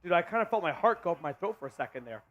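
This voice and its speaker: Excitable high-voiced fan play-by-play man. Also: rapid-fire, highs cut off. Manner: excitable, shouts on big plays, reads super chats. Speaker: live stream host.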